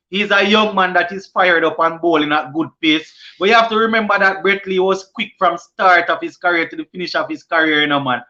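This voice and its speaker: This young man, a sports channel host with a Jamaican accent, talks briskly and barely pauses as he reads out viewer comments on his cricket live stream and answers them in a relaxed way. His pitch is high and his tone sharp, captured in lo-fi stream audio.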